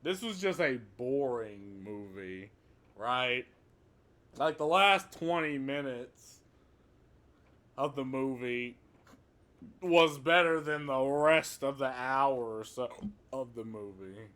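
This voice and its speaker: A man's voice: mid-range voice, animated, slow pace, long pauses, fairly bright tone. A man giving a casual, rambling movie review, swearing often and laughing at the plot.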